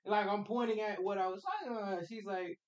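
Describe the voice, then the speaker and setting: A man's voice: sits high, fairly quick, highs cut off. A man hosting a podcast, telling a childhood story in loose slang and jumping into quoted voices. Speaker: podcast host. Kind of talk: casual storytelling chat. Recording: echoey room.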